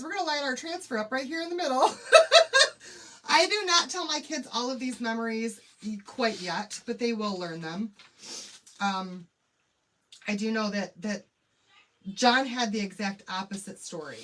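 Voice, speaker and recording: A woman's voice: fairly high pitch, expressive, normal speed, a bit bright. A middle-aged woman, hosting a crafting livestream and telling a personal story in an emotional, chatty way. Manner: emotional, chatty, addresses viewers as y'all. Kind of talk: chatty live tutorial with storytelling. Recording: faint background noise.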